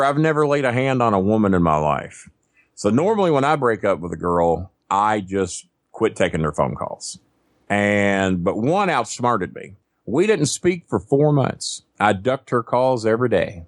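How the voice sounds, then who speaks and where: A man's voice: fairly low pitch, sing-song, moderate pace, no echo, clean studio sound. Brash man in his fifties. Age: 50s. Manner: brash, crude, self-mocking storyteller. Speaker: podcast guest. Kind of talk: casual storytelling. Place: not at a desk microphone.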